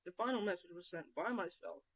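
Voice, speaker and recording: A woman's voice: on the low side, fast talker, husky, dull audio. A woman vlogger giving a blunt, sarcastic, profane rant straight to camera. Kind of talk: ranting vlog monologue.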